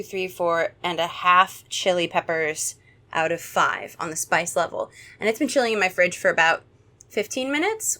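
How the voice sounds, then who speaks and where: A woman's voice: lowish voice, pushed and bright. A young woman hosting a comedy drinking game, reading a kids' horror book aloud with sarcastic running commentary. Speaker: host.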